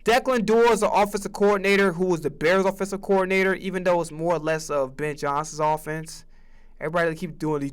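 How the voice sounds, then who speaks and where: A man with a fairly high voice rants about football in a loose, profane way. He jumps into acted-out conversations with different voices, swearing freely and talking with lots of energy. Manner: animated, profane, acts out imagined conversations. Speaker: sports streamer. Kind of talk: profane casual sports rant.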